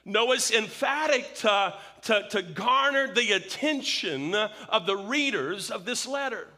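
Slow, bright-voiced man preaching. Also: high voice, expressive. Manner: emphatic, repeats questions for effect, slow deliberate delivery. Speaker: pastor. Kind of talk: evening sermon.

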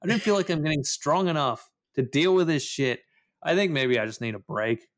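A man's voice: a little high, animated, brisk. A man ranting about a video game in casual chat, swearing often. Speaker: podcast co-host.

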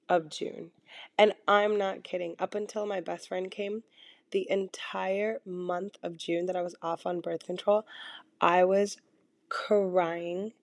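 A young woman hosting a solo podcast from bed, rambling casually with lots of fillers and swearing, her voice hoarse from being sick. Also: on the low side, dry recording. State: hoarse, lost voice from illness. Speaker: podcast host. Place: in bed at home.

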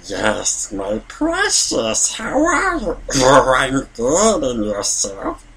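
A man doing an impression of a wretched cave creature talking to itself, hissing and croaking. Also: mid-range voice, wildly swooping pitch, extremely slow, pushed and bright, voice pushed up, heavily acted. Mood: wheedling. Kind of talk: movie character impression.

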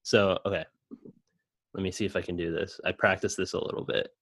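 A man's voice: low-pitched, little pitch movement, fairly quick, a bit bright, no echo, studio quality. A young man hosting a casual comedy chat, joking loosely and laughing often. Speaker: podcast host.

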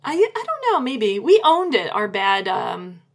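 A woman's voice: fairly high pitch, wildly swooping pitch, unhurried, breathy edge. A woman co-hosting a podcast, chatting casually with frequent laughter and trailing fillers. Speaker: podcast co-host. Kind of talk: casual chat.

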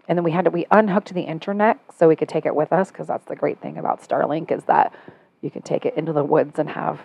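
A middle-aged woman hosting a casual podcast chat, telling a story with animated, sarcastic energy and getting louder as she goes. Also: deep voice, quick pace, vocal fry, highs cut off. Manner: animated storytelling, sarcastic when quoting herself.

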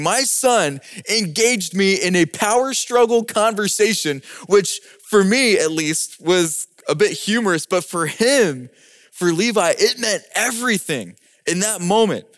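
High-voiced man telling a lively story. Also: no room sound, clean studio sound. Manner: animated storyteller acting out scenes. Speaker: speaker giving a prepared talk. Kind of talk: storytelling talk with rhetorical questions.

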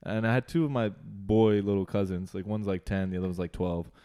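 A man's voice: lowish voice, a little fast, clean tone. A young adult man in a casual chat, telling a story in a loose, profane way with lots of "like". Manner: animated, profane storytelling, heavy use of "like".

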